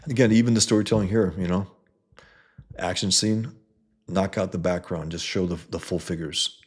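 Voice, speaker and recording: A deep-voiced man from New York talks through a comic book on a casual live stream. His husky voice catches in a stutter, mostly on S sounds, and his manner is blunt and profane, full of enthusiasm. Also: fairly even intonation, moderate pace.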